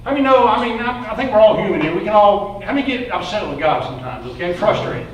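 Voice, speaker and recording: With a high voice, quick pace, and lively intonation, this male pastor delivers a loose, conversational sermon heavy on fillers. Between his comments he reads scripture aloud. The audio has a roomy echo, faint noise, and distant mic placement.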